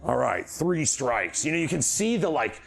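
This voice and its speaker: A man narrating a tabletop game as dungeon master, telling the action in an animated, playful way with laughing asides. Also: on the high side, normal speed, creaky, faint music behind.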